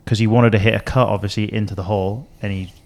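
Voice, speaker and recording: A man's voice: fairly low pitch, steady tone, fast talker, gravelly, darkish tone. A man co-hosting a podcast, telling a long story in casual chat with many fillers and restarts. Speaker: podcast co-host.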